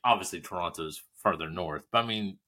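A man's voice: deep voice, a little fast, pushed and bright. A man co-hosting a podcast, rambling through stories in easygoing casual chat. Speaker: podcast co-host.

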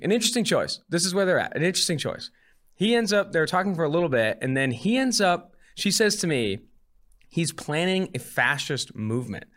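A man in his twenties hosting a podcast, chatting casually and telling stories with jokey energy. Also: fairly high pitch. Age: 20s. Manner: animated storytelling, jokey. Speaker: podcast host.

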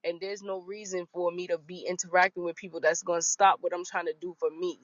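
A woman hosting a podcast, chatting casually and bluntly, telling lively stories and laughing often while out on a walk. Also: lowish voice, quick pace, a little hiss or hum. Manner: blunt, animated storyteller who laughs often. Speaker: podcast host. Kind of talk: casual chat. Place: outdoors on a walk. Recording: muffled lo-fi sound.

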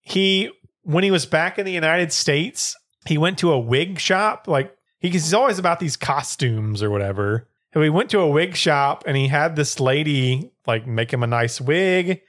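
A man's voice: a little high, animated, normal speed, hardly any pauses, a bit bright. A man casually telling a story on a podcast, padding his sentences with "like" and "or whatever". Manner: rambling storytelling, full of "like" and "or whatever". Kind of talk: casual chat.

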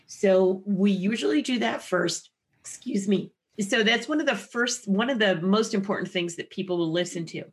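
A woman voice therapist explaining her methods in an interview, with an animated, wide-ranging inflection. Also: medium pitch. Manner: explanatory and clinical.

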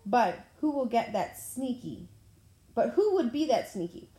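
A woman's voice: fairly high pitch, very animated, a little slow, dark tone, voice pushed up. A woman reading aloud, voicing a nervous, bewildered young satyr with an anxious, puzzled delivery, in a roomy recording. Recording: roomy echo.

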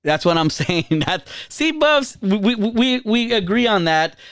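Recounting a night at a bar, this man hosting a relaxed podcast keeps a measured pace and a clear, resonant tone, his pitch leaping whenever he voices other people. The sound is close-miked and dry with no echo.

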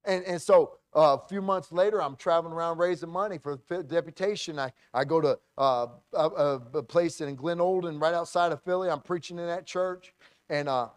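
A preacher in the middle of a sermon, telling a personal story with animated energy. He stumbles into restarts, repeats words and acts out the people he quotes. His voice sits a little high for a man and sounds dry and close, with almost no room echo. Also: brisk, smooth. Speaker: pastor.

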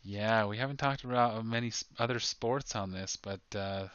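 A man with a lowish voice chatting casually on a sports podcast, excitable and quick to laugh, often restarting mid-thought. The sound is dull and dry, with no room around it. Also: dry recording. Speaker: podcast co-host.

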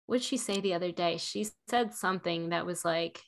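A woman and mother hosting a casual chat, frank and animated, swearing freely. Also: lowish voice, moderate pace, creaky.

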